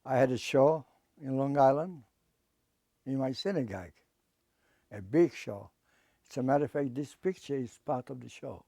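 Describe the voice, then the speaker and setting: Older man giving halting testimony. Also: mid-range voice, vocal fry, mellow, dry recording, clean studio sound. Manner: halting, repeats words, plain non-native English. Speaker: Holocaust survivor and artist. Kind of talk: personal testimony.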